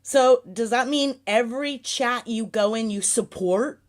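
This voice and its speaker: A woman's voice: a little high, unhurried. A woman hosting a casual live chat, ranting sarcastically, swearing often and laughing a lot. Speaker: livestream host.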